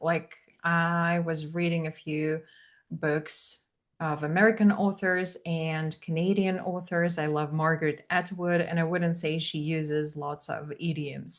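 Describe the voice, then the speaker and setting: Slow-speaking woman host. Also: low-pitched, flat delivery. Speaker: host, English teacher. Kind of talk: casual interview chat.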